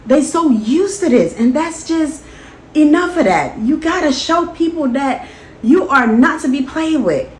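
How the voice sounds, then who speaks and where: A woman vlogger sharing a motivational personal testimony in an earnest, preachy storytelling manner. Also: high-pitched. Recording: echoey room, faint background noise.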